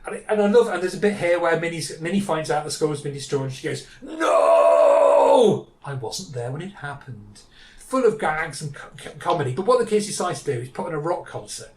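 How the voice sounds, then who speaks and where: A man's voice: on the high side, expressive, fast. A man co-hosting a podcast, chatting enthusiastically about comics and acting out characters' lines. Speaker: podcast co-host. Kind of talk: casual chat about comics. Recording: echoey room.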